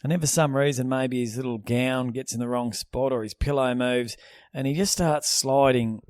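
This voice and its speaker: A man in his thirties chatting on a podcast, his voice at an average pitch and recorded dry and close. He swears freely and rambles through his stories with plenty of restarts. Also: fairly even intonation, normal speed, darkish tone, no room sound. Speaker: podcast co-host. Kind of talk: casual chat.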